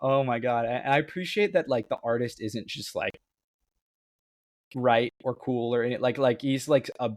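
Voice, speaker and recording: An excited man co-hosting a book podcast, chatting casually and laughing often. His voice is mid-pitched and sounds dry and close, with no room echo. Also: moderate pace. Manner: enthusiastic, laughs often, reads quotes aloud. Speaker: podcast co-host.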